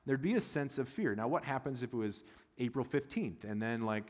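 A middle-aged man preaching a sermon as a pastor, conversational and humorous with loud excited bursts. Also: mid-range voice, fairly quick, in a large hall.

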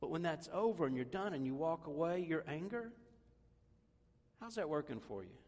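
Conversational pastor preaching in reverb. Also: male voice, a little high, big pitch swings, normal speed, a little mellow. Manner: conversational, self-deprecating joking. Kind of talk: sermon.

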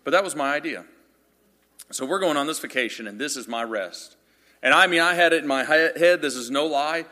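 A man in his thirties preaching a sermon, telling funny stories about himself and building up to loud, emphatic passages. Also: fairly high pitch, fairly quick. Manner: animated storytelling with self-deprecating humor, building to loud emphatic passages. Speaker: pastor. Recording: long reverb of a large hall.

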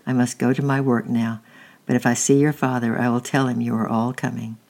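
A reader doing a gentle young slave boy. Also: medium pitch, level tone, fairly quick, gravelly, natural voice. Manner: gentle, earnest.

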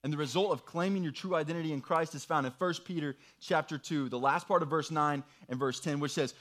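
A man's voice: on the high side, a little fast, few pauses, a bit bright. A man preaching an earnest youth sermon, guiding listeners through a worksheet with encouraging, step-by-step instructions.

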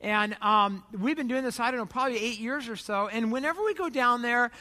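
A man's voice: very high voice, brisk, pushed and bright. A man preaching a sermon as pastor, telling chatty, self-deprecating stories with frequent restarts. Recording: long reverb of a hall.

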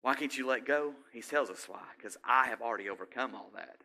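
A middle-aged man preaches in a chatty, conversational way and keeps putting questions to his listeners. His voice is bright and forceful, and his pitch sits in the middle of the range. Now and then he builds to loud, driving exhortation. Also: brisk, gravelly. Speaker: pastor. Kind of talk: sermon.

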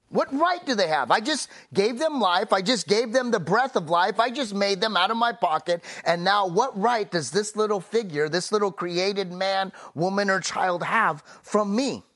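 In an emphatic sermon, the male pastor slows at important phrases, and at the close of a thought his voice falls soft and low.

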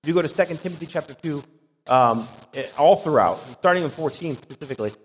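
A man's voice: a little high, lively intonation, quick pace, breathy edge. Male pastor, emphatic conversational sermon; dull recording with long reverb. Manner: emphatic, asks rhetorical "right?".

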